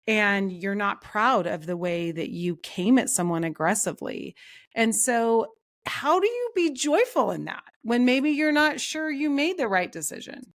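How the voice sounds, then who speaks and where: A woman's voice: mid-range voice, fairly bright tone, no room sound. A woman hosting a podcast, asking thoughtful, searching questions in a reflective conversation. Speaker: podcast host.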